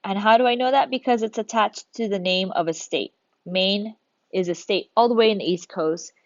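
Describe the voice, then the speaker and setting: A woman's voice: medium pitch, normal speed, dry recording, lo-fi sound. A woman teacher talking through a recorded grammar lesson, patient, step by step, thinking aloud as she works.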